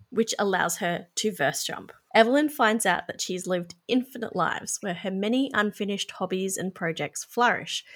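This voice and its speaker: Woman podcast host, mid pitch, smooth prepared plot recap. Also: a bit bright. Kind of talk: film recap then interview.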